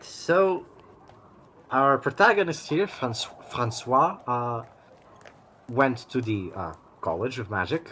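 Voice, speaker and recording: A young man co-hosting a let's play in an easygoing, chatty way, swearing casually as he explains the story so far. His voice is mid-pitched, with faint background noise on the recording. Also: fairly bright tone. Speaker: co-player.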